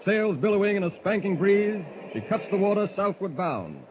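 A man's voice: sits high, big pitch swings, normal speed. A man narrating in dramatic, announcer-like 1940s radio drama style, on a dull, hissy old radio recording.

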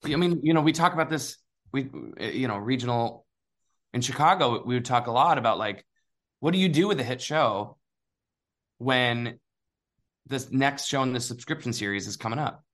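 A man's voice: medium pitch, moderate pace, a bit bright. A man in a casual chat, speaking in a hesitant, thoughtful way as co-host.

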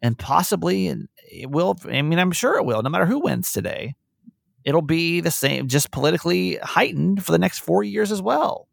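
A man's voice: on the high side, moderate pace, vocal fry, dry recording, clean studio sound. A young adult man co-hosting a podcast, talking candidly in a casual chat and pushing with frank questions. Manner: candid, animated, talks in bursts with restarts. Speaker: podcast co-host.

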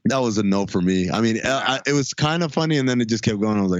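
A man's voice: fairly low pitch, fast talker, dry recording, dull audio. A man hosting a casual podcast chat, leading the segments in a blunt, joking way. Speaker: podcast host.

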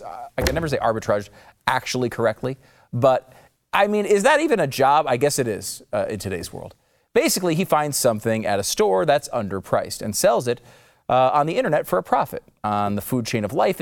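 A man's voice: mid-range voice, no room sound, studio quality. A man hosting a comedy podcast, delivering a sarcastic monologue with theatrical swings in his voice. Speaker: podcast host.

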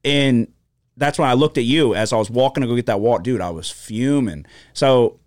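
In a podcast studio, a male co-host tells a story in casual, heavily profane chat, animated throughout, his pitch jumping up whenever he gets worked up. He talks fairly quickly, and the sound is clean studio audio with no echo.

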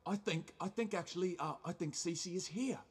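A man's voice: high-pitched, moderate pace, slightly rough. A man playing an eager, rambling old circus ghost in an improvised comedy scene. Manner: hesitant, rambling with many ums.

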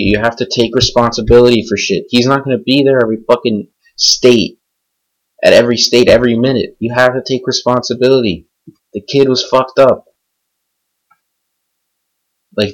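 A man's voice: medium pitch, fairly even intonation, fairly quick, poor audio. A young man hosting a podcast, ranting angrily and unscripted, swearing heavily and rambling from point to point. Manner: furious, profane, rambling. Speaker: podcast host. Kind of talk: angry unscripted podcast rant.

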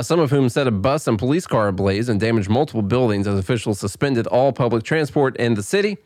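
A man's voice: mid-range voice, dry recording, studio quality. Plain-talking man reading news. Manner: reads news in a plain tone, then banters with quick laughs. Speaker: podcast host. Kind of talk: casual chat and news reading.

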